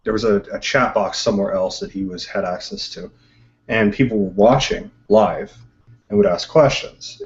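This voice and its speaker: Low-voiced man hosting a lo-fi video chat. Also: vocal fry, darkish tone. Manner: articulate, explains at length. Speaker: host of an online discussion group. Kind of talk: casual group video chat. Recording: dull lo-fi web call audio.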